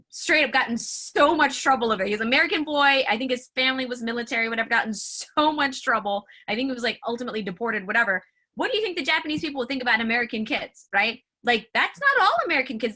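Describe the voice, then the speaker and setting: Woman trainer, chatty and animated, bright higher voice, video call mic. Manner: chatty, filler-heavy, animated. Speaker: sales trainer.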